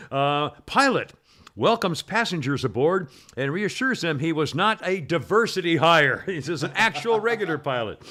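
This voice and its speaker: A man's voice: high-pitched, pushed and bright. A man hosting a casual talk show, rambling and chuckling as he reads out funny headlines. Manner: rambling, chuckling at his own material. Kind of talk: casual chat, reading headlines aloud.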